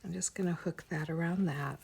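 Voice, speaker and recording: A woman's voice: fairly low pitch, fairly even intonation, brisk, gravelly, darkish tone, breathy edge. A woman chatting casually with viewers while teaching a craft on a livestream. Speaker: art teacher.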